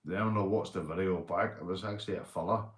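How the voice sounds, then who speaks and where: A man's voice: sits low, quick pace, roomy sound. A tipsy Northern Irish man hosting a livestream, rambling, swearing and laughing often as he chats to viewers. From Northern Ireland. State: tipsy after a few beers. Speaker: livestream host. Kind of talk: casual livestream chat.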